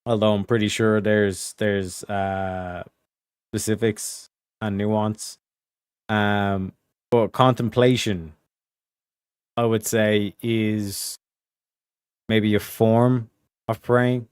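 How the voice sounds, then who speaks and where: Guy streamer chatting on a call, low smooth voice, lots of likes and restarts. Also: little pitch movement, very slow, long pauses, a little mellow, no room sound, clean studio sound. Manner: rambling, many fillers and restarts. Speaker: streamer host. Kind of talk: casual stream chat.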